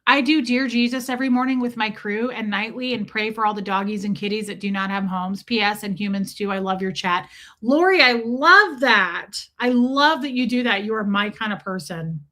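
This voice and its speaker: A woman's voice: medium pitch, steady tone, a little fast, hardly any pauses, a bit bright. A woman hosting a casual livestream, chatting, reading comments aloud and baby-talking to her dogs. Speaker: livestream host.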